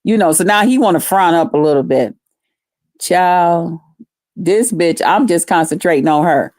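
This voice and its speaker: A woman vlogger telling a story casually to her viewers, animated and profane. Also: on the low side, moderate pace, no room sound, clean studio sound.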